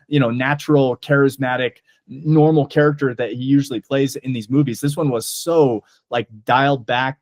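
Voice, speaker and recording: A man with a medium-pitched voice co-hosts a casual movie podcast, chatting through a review with enthusiasm and rambling on with plenty of fillers. The recording is clean studio sound with no room echo.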